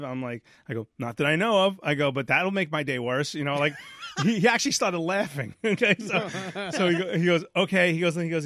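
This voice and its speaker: A man's voice: on the high side, no room sound, studio quality. A man, animatedly telling a story on a podcast and acting out the voices in it. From New York. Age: 40s. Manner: animated, acts out voices in his story, repeats himself. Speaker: podcast host. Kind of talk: casual storytelling chat.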